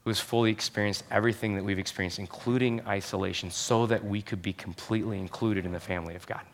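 A man preaching a sermon as a pastor, earnest and emphatic, slowing down to stress key phrases. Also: fairly low pitch, steady tone.

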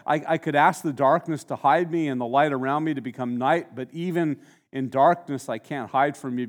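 Man preaching a conversational sermon. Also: on the high side. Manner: conversational preaching with frequent restarts and emphatic slowing. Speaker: pastor.

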